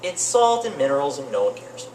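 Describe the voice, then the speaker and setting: A young man doing rambling open-mic stand-up comedy in a cafe, with deadpan asides. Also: a little high, brisk. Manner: rambling, deadpan asides, lively swings into mock voices. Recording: roomy cafe with faint noise, distant mic.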